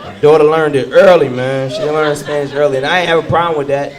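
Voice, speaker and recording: A man in his thirties performing a stand-up comedy set, telling animated stories and shouting into bits. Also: fairly high pitch, fast, rough recording. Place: comedy club stage with live audience. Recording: live room with loud crowd laughter.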